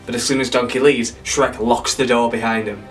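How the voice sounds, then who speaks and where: A man rambles through a comic story, correcting himself and tossing in playful asides. His pitch is middling. He sounds set back from the mic, with faint music under him. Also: fairly even intonation, a little fast, recorded from a distance. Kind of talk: casual comedic retelling.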